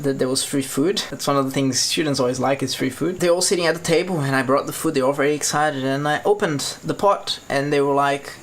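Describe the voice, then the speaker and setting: Fast-talking Brazilian man vlogging. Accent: Brazilian Portuguese. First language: Portuguese. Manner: animated, laughing often, acting out quotes in a higher voice. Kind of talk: casual storytelling vlog.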